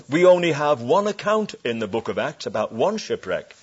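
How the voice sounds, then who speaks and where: A man preaching a sermon to a church congregation. He is emphatic, slows down to stress scripture phrases, and asks the congregation rhetorical questions. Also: medium pitch, very animated, slightly rough. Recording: dull lo-fi sermon recording.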